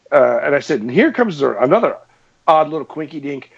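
A man's voice: fairly high pitch, brisk, creaky, breathy edge. A man telling a long story in casual chat, acting out the dialogue and laughing often. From New England. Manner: animated, laughing storyteller who acts out the dialogue. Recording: muffled lo-fi sound.

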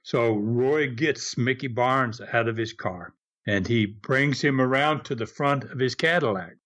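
A man's voice: medium pitch, unhurried, fairly bright tone. Older man chuckling through old stories. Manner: chuckling anecdotal storytelling with acted quotes. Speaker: interview guest. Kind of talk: storytelling interview.

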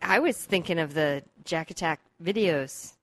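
Low-voiced woman on a dry podcast mic. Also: moderate pace, fairly bright tone, no echo. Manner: easygoing, reads news items aloud. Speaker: podcast co-host. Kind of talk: casual podcast banter.

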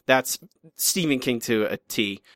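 A man's voice: medium pitch, unhurried, fairly bright tone, no room sound, studio quality. A man co-hosting a podcast, chatting casually and teasingly about comics, often trailing off and restarting his sentences. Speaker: podcast co-host. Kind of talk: casual chat reviewing comics.

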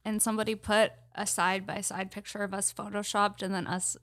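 A woman's voice: medium pitch, little pitch movement, brisk, a bit bright, no echo, studio quality. A woman hosting a casual chat podcast, who talks in a chatty way, laughs a lot and swears freely. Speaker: podcast host.

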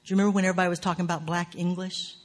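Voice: medium pitch, little pitch movement, racing. A writing teacher with a Southern US accent, lecturing on craft in an earthy, profane, wry way with folksy grammar.

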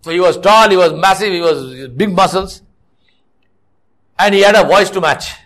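In his sermon, a middle-aged man who preaches at a mosque keeps restarting his stories and rebukes listeners with rhetorical questions. He speaks at a moderate pace in a high, fairly bright voice.

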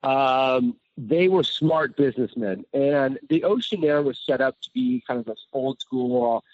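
A man talking casually as a guest chef, telling stories in a lively way and acting out quotes. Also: medium pitch, unhurried, no echo, lo-fi sound. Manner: animated storyteller, acts out quotes. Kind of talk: casual chat.

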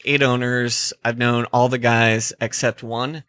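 A male podcast guest chats easily and laughs readily. His voice sits at a middle pitch and has a bright edge. The sound is dry and close, from a studio microphone. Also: little pitch movement, unhurried, dry recording. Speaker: guest, distillery co-founder. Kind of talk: casual chat. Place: recording studio.

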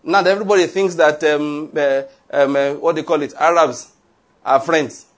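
A man's voice: fairly high pitch, normal speed. A man preaching a sermon, telling stories and asking the congregation rhetorical questions. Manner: animated storytelling with rhetorical questions. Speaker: pastor.

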